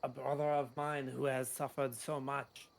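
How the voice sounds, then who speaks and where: A man playing a tabletop game in character, speaking earnestly and a little haltingly. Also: mid-range voice, level tone, gravelly. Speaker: player. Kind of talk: in-character tabletop role-play.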